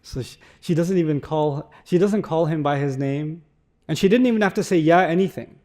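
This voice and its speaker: A man's voice: on the high side, normal speed, a little mellow. A middle-aged man giving a sermon, telling stories with acted dialogue and humor. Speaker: Islamic speaker.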